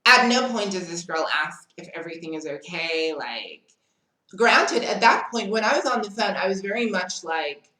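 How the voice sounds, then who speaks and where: A woman's voice: fairly low pitch, expressive, normal speed, bright, forceful tone, echoey room, rough recording. A woman telling a dramatic storytime in casual chat, often calling the listener "girl". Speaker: storytime vlogger.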